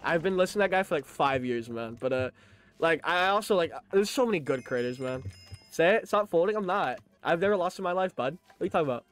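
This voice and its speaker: High-voiced young man ranting on stream. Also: lively intonation, fast talker. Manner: rambling, ranting reactions to chat. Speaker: game streamer. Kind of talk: casual live-stream chat.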